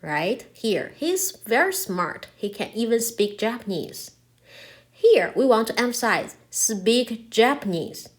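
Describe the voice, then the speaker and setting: A woman's voice: on the high side, sing-song, takes it slowly. A woman with Chinese as her first language, teaching a Chinese grammar lesson in English, explaining patiently and often checking in with "right?".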